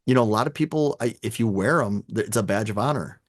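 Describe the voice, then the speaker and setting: A man chatting as a podcast guest, telling animated stories and acting out both sides of conversations. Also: lowish voice, quick pace, dry recording, clean studio sound. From Chicago. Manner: animated storyteller, acts out dialogue. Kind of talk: casual podcast chat. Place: home room with sneaker collection.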